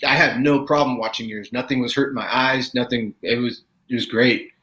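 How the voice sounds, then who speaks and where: A man co-hosting a casual livestream, asking halting questions full of fillers and cheerful swearing. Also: mid-range voice, steady tone, pushed and bright, echoey room.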